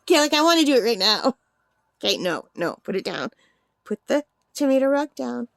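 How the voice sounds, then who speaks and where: A woman's voice: on the high side, sing-song, fairly quick, creaky, a bit bright, dry recording, studio quality. A woman hosting a craft channel, unboxing a gift in a casual vlog, giggly and gushing, rambling, overtired on little sleep.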